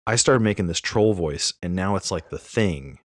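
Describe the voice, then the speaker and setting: A man in his thirties chatting on a podcast, telling an animated, rambling story and correcting himself as he goes. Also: sits low, moderate pace, dry recording, clean studio sound. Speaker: podcast co-host. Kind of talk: casual chat.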